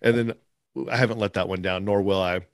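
A man's voice: low voice, fairly even intonation, fast talker, no room sound, clean studio sound. A man with a Californian accent hosting a podcast, laid-back and casual, speeding up when he jokes. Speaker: podcast host. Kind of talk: casual interview chat.

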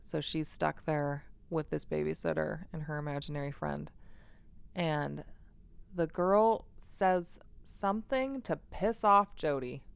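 A woman in her thirties chatting casually, retelling a film plot with animated energy and frequent swearing. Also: low-pitched, slow, gravelly, smooth, no room sound. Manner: animated storyteller, swears freely, acts out quoted lines. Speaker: podcast co-host.

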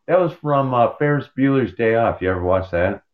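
Brief: male podcast co-host, rambling and jokey, lively up-and-down pitch, dull lo-fi audio. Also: fairly quick. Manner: rambling, jokey, animated, meandering. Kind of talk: casual chat.

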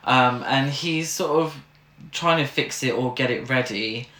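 A woman's voice: extremely low pitch, unhurried, a bit bright. A woman co-hosting a casual podcast chat, laughing often and swearing freely. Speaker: podcast co-host. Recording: echoey room with background noise.

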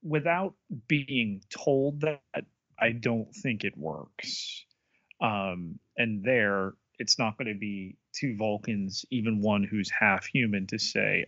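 Slow-talking man on a dull mic. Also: fairly low pitch, pushed and bright. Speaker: podcast co-host. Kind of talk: casual chat recapping an episode.

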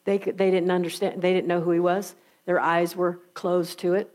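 A woman's voice: on the low side, little pitch movement, moderate pace, darkish tone. A woman preacher retelling scripture in a conversational, emphatic storytelling sermon.

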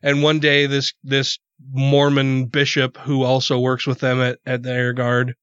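A man's voice: medium pitch, completely flat delivery, unhurried, fairly bright tone, smooth, no echo. A man telling a crude anecdote in a casual podcast chat, laughing often and swearing freely. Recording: dry, dull lo-fi sound.

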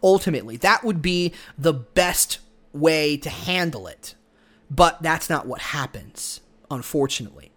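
A man's voice: a little high, expressive, a little slow, a bit bright. A man hosting a solo podcast, giving opinionated, argumentative commentary straight to the listener. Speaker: podcast host.

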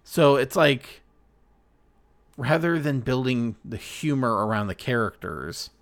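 A male podcast host chats casually about a film. His pitch swings around lively as he goes, and he meanders through his points with plenty of likes and ums. The talk is loose and unscripted. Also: takes it slowly. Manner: meandering, full of likes and ums, acts out quotes. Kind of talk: casual chat reviewing a movie.

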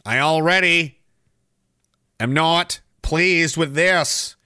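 A man's voice: fairly high pitch, extremely slow, bright, forceful tone, clear, resonant tone, no room sound, clean studio sound. A man hosting a live stream, ranting sarcastically in a mocking, rambling way. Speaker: streamer host.

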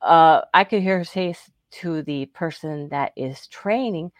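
A woman with a lower, dry voice co-hosts a talk show. She tells a personal story in a chatty, animated way and slips into the voices of the people she quotes. The recording is close and free of room sound. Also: a little slow, no echo. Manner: chatty and animated, acting out what others said. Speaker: co-host.

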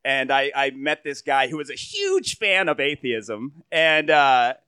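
A man's voice: mid-range voice, big pitch swings, unhurried, sharp tone, clean tone, dry recording. A man in his thirties doing a stand-up set, rambling and crude with lots of fillers. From United States. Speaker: stand-up comedian.

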